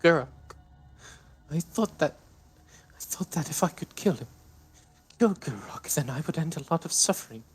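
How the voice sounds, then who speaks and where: A man's voice: fairly high pitch, lively intonation, moderate pace, pauses often, slightly rough, pitched above the performer's own voice. A man putting on a frantic, guilt-stricken mother. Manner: frantic, breaking into sobs.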